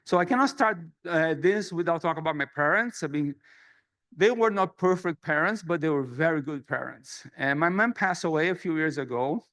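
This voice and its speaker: A man's voice: a little high, vocal fry, a bit bright. A middle-aged man from Brazil with a Brazilian Portuguese accent, giving an earnest, self-deprecating presidential speech at a conference. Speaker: society president giving an address. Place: conference hall.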